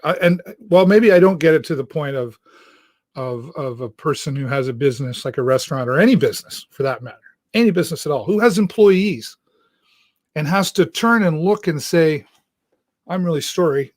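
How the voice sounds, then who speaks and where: A male talk show host speaking earnestly and haltingly to his viewers, often restarting his sentences, from inside a church. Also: on the high side, dry recording, clean studio sound. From Canada. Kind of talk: heartfelt monologue to viewers.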